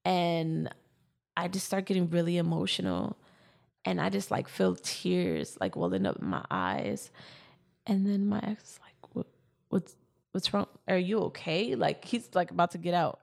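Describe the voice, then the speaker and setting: A woman's voice: on the low side, animated, measured pace, gravelly, darkish tone. A woman in her twenties telling a personal story in casual chat, with lots of fillers.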